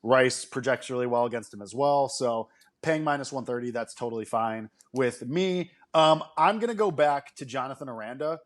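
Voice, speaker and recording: A man co-hosting a sports betting podcast, laying out his picks in a relaxed, matter-of-fact way. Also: mid-range voice, moderate pace. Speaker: co-host.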